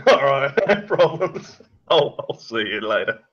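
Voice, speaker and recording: A man's voice: medium pitch, sing-song, unhurried, highs cut off. A man ranting abusively and profanely in a heated online debate. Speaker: debate guest.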